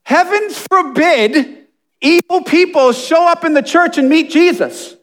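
A man with a strikingly high voice delivers a sermon. He moves between quiet, muttered asides and fervent, almost shouted emphasis. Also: a little slow. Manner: passionate, swings from hushed asides to emphatic near-shouting. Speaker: pastor.

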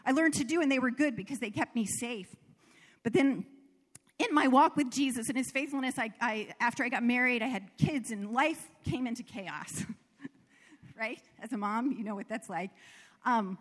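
A woman from the American South gives a sermon, weaving earnest personal stories and laughing at herself now and then. Her voice sits high. It rings out with a long reverb, as in a large hall. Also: normal speed. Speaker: preacher.

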